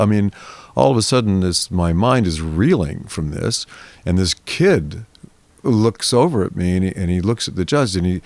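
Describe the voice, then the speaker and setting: A man's voice: deep voice, animated, moderate pace, creaky, darkish tone, no echo. A man, a guest in a therapy interview, telling a long rambling anecdote in casual talk and acting out the people in it. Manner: rambling anecdotal storytelling, acts out quoted voices.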